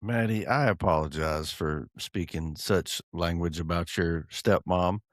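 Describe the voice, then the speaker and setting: A man's voice: low voice, unhurried, no echo, clean studio sound. A middle-aged man, co-hosting a podcast in casual chat, joking and teasing and laughing often. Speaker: podcast co-host.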